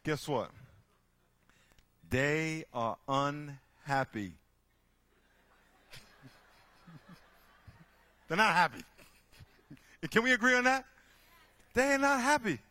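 A man speaking to a group, telling lively stories and acting out the people in them with loud bursts. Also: fairly high pitch, drawn-out words, pauses often, no echo. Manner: lively, acts out characters with loud shouting bursts. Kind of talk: animated storytelling talk.

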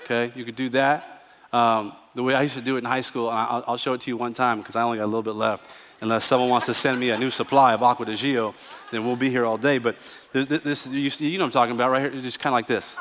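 A man preaching a sermon as pastor, telling stories with humor and moving between hushed reflection and emphatic declarations. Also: mid-range voice, level tone, quick pace, slight background noise. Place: church sanctuary. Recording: church sanctuary with long reverb.

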